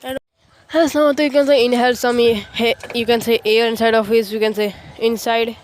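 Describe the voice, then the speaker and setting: A woman rambles through a fan-made ninja story, stopping and restarting and leaning on the same filler phrase again and again. Her voice sits a bit high for a woman, with a faint hiss of background noise. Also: level tone, fairly quick. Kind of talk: casual retelling of a fan story.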